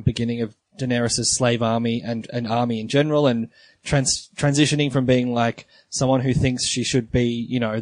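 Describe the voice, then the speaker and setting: A man's voice: medium pitch, a little mellow, no echo. A man co-hosting a casual podcast chat, talking hesitantly with many fillers and restarts. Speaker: podcast co-host.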